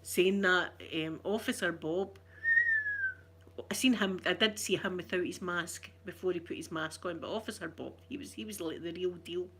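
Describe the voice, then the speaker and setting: A woman's voice: on the low side, normal speed, a bit bright, slight background noise. A woman with a Scottish accent chatting casually with her livestream viewers in a rambling, self-teasing way. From Scotland. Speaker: ASMR streamer chatting with viewers.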